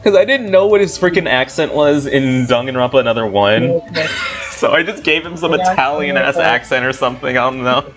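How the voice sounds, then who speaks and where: A man's voice: medium pitch, lively intonation, a little fast, music in the background. A young man hosting a casual game playthrough, rambling with lots of fillers and laughter. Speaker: let's play host.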